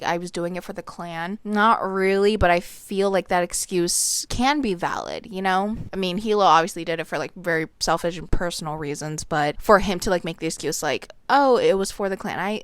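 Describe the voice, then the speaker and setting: Smooth-voiced young woman ranting about books. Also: fairly low pitch, no echo. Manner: emphatic, swears a lot, frequent "like" fillers. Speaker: book reviewer. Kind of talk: casual book review vlog.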